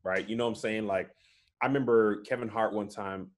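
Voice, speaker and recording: A man in his thirties, a comedian guest, in casual podcast chat, telling stories in a lively way. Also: lowish voice, fairly quick. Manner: animated storytelling, often says "you know what I'm saying".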